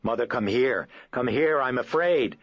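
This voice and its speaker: A man's voice: mid-range voice, animated, a little slow, dry recording, lo-fi sound, voice pushed up. A man voicing a terrified young girl crying out for her mother in a horror audiobook. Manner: pleading and panicked cries.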